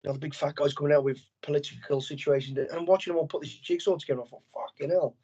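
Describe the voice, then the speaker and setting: A man's voice: fairly high pitch, racing, husky, lo-fi sound. Blunt, swearing man. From England. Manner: blunt, heavy swearing, animated storytelling. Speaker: former soldier, guest. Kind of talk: casual interview chat.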